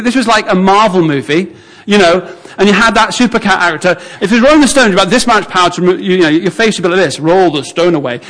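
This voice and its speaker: A man's voice: sits high, fairly bright tone. A man preaching a sermon, telling the story vividly and acting out how onlookers would react.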